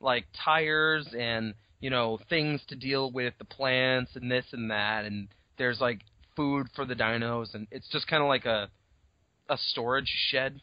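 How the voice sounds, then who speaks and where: A man co-hosting a podcast, talking casually about a novel, swearing now and then and throwing in quick asides. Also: mid-range voice, fairly even intonation, no room sound, dull audio. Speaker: podcast co-host. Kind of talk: casual book discussion.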